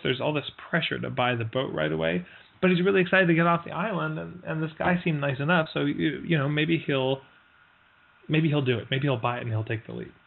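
Over a tinny, phone-like connection, a man with a rough mid-range voice shares a parable with his live online class. He's unhurried and hesitant, uses lots of filler words, and briefly voices the characters he quotes.

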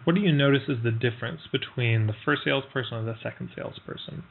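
A man teaching an online workshop, telling a parable in a relaxed, halting way with many fillers and brief voiced quotes. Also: medium pitch, creaky, a little hiss or hum. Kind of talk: storytelling in a live online lesson. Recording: tinny phone-like line.

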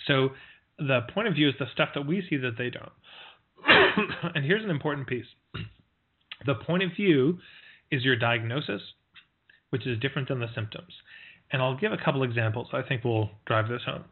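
A man's voice: mid-range voice, moderate pace, long pauses. Man teaching over tinny phone-like audio. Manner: conversational, many fillers and restarts. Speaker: marketing coach. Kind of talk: spoken teaching talk with stories.

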